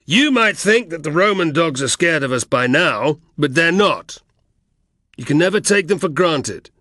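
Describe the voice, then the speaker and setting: A huge Thracian warrior bellows commands at his men, his voice driven high and loud, as a male narrator puts him on. The storybook reading is close and dry. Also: sing-song, unhurried, dry recording, full character voice. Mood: roaring. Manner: roaring, commanding. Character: huge devoted male Thracian officer, fierce drill leader.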